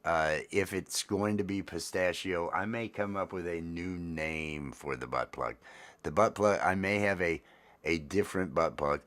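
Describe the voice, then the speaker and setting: A man's voice: low voice, a little slow, a bit bright. A man vlogging in a casual solo chat, rambling with many fillers and restarts.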